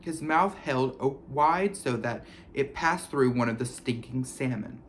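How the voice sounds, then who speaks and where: A man reading a children's fantasy novel aloud, expressive and storytelling. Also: medium pitch, a little slow, a little hiss or hum. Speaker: reader. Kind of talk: audiobook reading.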